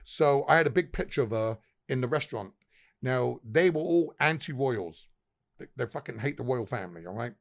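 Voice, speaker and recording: A man's voice: medium pitch, expressive, normal speed, creaky. Guy swearing his way through pub stories on a podcast, rambling, keeps restarting sentences. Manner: profane, rambling anecdotes with frequent restarts. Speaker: pub owner guest. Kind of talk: casual podcast storytelling.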